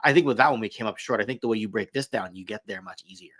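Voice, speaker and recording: A man's voice: on the low side, rapid-fire, a bit bright, dry recording. A man appearing as a guest on a casual podcast, weighing his points thoughtfully and often ending with "right?". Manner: reflective, checks agreement with "right?". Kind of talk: casual chat.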